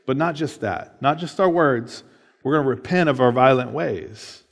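A man's voice: medium pitch, animated, normal speed, creaky, long reverb tail. A man preaching a sermon, reading scripture aloud and explaining it in a casual way, often checking in with "right?". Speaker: pastor.

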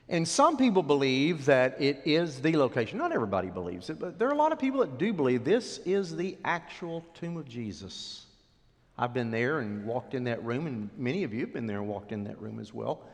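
Male preacher, dramatic storyteller, lively raised pitch, long hall reverb. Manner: dramatic, swinging from loud to hushed. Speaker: pastor. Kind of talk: sermon storytelling.

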